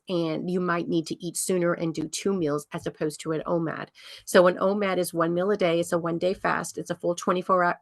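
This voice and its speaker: A woman's voice: fairly low pitch, dry recording, studio quality. A woman over fifty, a health coach giving a casual workshop talk, chatty and rambling with many ums and restarts.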